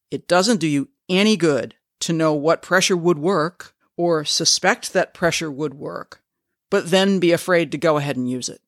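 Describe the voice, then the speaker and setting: Earnest male podcast teacher, dry close sound, somewhat higher voice. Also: fairly bright tone, no echo. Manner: earnest, emphatic, coaching tone. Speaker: podcast host and advocacy teacher. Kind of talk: scripted podcast lesson.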